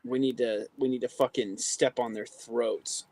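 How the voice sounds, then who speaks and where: A man's voice: mid-range voice, steady tone, measured pace, a little mellow, no echo. A man co-hosting a casual livestream chat, talking crudely and swearing often. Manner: crude, profane, laughing often. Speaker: podcast co-host.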